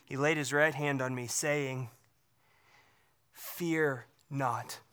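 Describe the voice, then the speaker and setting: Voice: fairly even intonation, clean tone. Um Cristo solene e consolador, encenado por um pregador, em voz baixa, grave e abafada, bem abaixo da fala normal, num sermão. O timbre continua brilhante. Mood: solemn. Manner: hushed, slow and low. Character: solemn, comforting risen Christ, male. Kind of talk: sermon.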